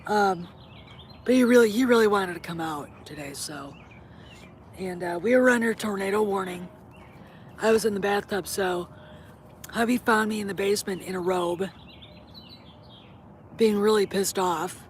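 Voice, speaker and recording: A woman's voice: medium pitch, moderate pace, pauses often, slight background noise. A middle-aged woman chatting casually to her viewers, blunt and opinionated, swearing freely. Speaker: host. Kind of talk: casual vlog chat.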